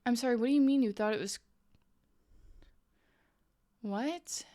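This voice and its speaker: A woman's voice: a little high, unhurried, mellow. A young woman streamer telling a story in casual chat, rambling with lots of "like" and "um" and laughing often. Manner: chatty, rambling, full of "like" and "um".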